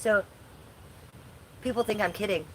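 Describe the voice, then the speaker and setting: A woman's voice: mid-range voice, measured pace, a little mellow, a little hiss or hum, rough recording. A woman in her forties hosting a casual livestream from home, chatting bluntly and crudely while reading chat aloud. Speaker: livestream host.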